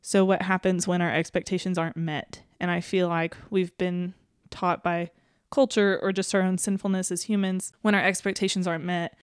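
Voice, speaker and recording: A woman co-hosting a casual faith podcast, earnest and quick to laugh, who reads scripture aloud. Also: lowish voice, little pitch movement, smooth, no room sound, studio quality. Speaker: podcast co-host.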